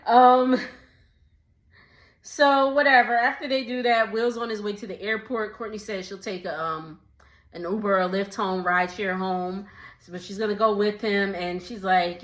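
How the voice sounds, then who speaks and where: A woman's voice: medium pitch, normal speed, echoey room. A woman casually recapping a reality show episode, laughing often and acting out the quotes. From Texas. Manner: laughs often, animated retelling with voiced quotes. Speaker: recap vlogger.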